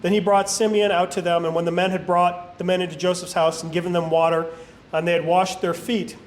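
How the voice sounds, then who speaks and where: A man's voice: high-pitched, little pitch movement. A man leading a Bible study, reading scripture aloud with casual asides, often stumbling and correcting himself. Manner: halting reading, frequent self-corrections and fillers.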